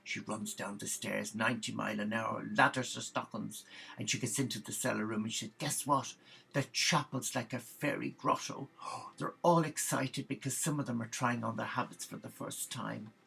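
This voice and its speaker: A man telling a comic story in a gossipy, animated way. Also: fairly low pitch, normal speed, creaky, slightly rough, low-quality recording.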